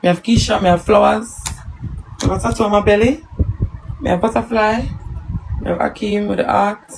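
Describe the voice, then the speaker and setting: A Jamaican woman hosts a casual live stream. She talks to her viewers and tells stories in patois, with a gravelly, fry-laden voice. A faint hiss of noise sits under the recording. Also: medium pitch, steady tone, moderate pace.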